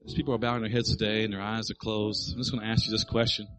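A man's voice: fairly low pitch, level tone, rapid-fire, music in the background, poor audio. A middle-aged male pastor preaching a sermon, telling a family story and building to emphatic appeals.

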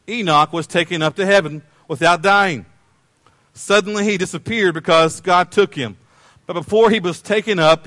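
Guy preaching, high voice, dry close sound, chatty and joking, says things twice. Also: a bit bright, no echo. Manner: conversational, playful, repeats phrases. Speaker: pastor. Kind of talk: sermon.

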